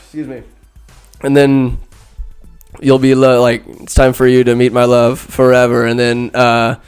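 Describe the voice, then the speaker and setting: A man hosting a podcast, recapping a film in a rambling, sarcastic comic style with loud asides. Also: medium pitch, monotone, unhurried, clear, resonant tone, soft background music. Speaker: podcast host. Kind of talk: comedic movie recap.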